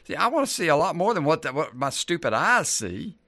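A man's voice: a little high, big pitch swings, fairly quick, gravelly, pushed and bright, no echo. A man preaching a sermon as a pastor in an easygoing, conversational way, repeating key lines for emphasis.

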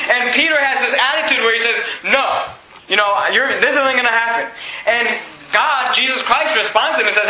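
A man's voice: very high-pitched, fairly quick. A man preaching a casual, conversational sermon, paraphrasing scripture and often repeating himself. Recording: echoey room with faint noise.

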